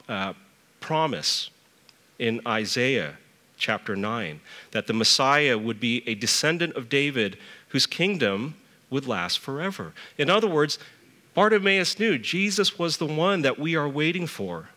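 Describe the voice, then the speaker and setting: Middle-aged male church elder, sermon delivery, bright tone, storytelling with emphatic pitch rises. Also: lively intonation, a little slow, in a large hall.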